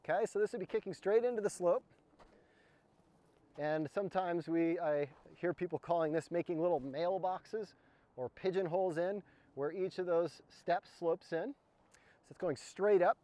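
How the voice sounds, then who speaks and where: A man with a fairly high voice walks through climbing techniques one step at a time while demonstrating them. The sound is dry and close, with no room echo. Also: moderate pace, mellow. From United States. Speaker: mountaineering instructor. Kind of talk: outdoor skills demonstration. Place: snow slope outdoors.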